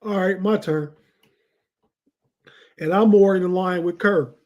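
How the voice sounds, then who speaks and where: A male host moderates a sports podcast, briskly calling on each co-host. His voice is high yet mellow, and it comes through a muffled, lo-fi line. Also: steady tone. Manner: brisk, passing the turn. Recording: dull lo-fi sound.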